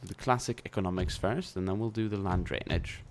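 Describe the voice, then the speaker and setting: Deep-voiced man narrating a strategy game. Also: a little fast. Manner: chatty, thinking aloud while playing, casual swearing. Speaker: gameplay commentator. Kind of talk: casual let's-play commentary.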